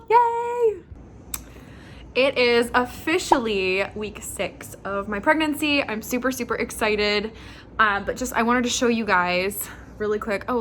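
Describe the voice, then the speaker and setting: A young woman chatting casually on a phone camera at home, giggly and full of fillers, at times dropping to a soft murmur. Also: mid-range voice, a little hiss or hum. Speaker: vlogger. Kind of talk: casual vlog chat.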